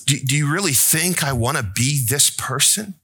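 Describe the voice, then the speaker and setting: Bright-voiced preaching man. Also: animated, normal speed, husky. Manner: asks the congregation questions and tells jokes; rises to an emphatic, pleading pitch. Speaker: pastor. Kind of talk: sermon.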